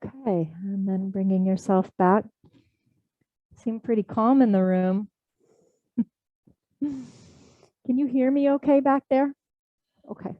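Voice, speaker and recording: A woman teaching a live yoga class to people in the room and online. She gives gentle, slow breathing cues. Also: medium pitch, no room sound, phone-quality sound. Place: indoor studio class, also streamed online.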